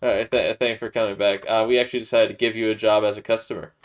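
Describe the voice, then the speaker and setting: Speaking fast in a low, flat voice, a young streamer hosts a casual gaming livestream and chats with friends. His talk is hesitant and stammering, full of "uh" and "um" fillers.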